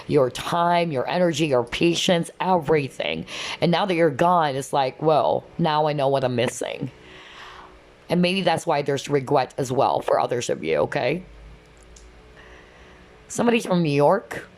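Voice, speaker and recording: A woman's voice: low-pitched, animated, moderate pace, a little mellow. A woman giving a casual, chatty tarot reading, often checking in with "okay?" and "you know". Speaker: tarot reader.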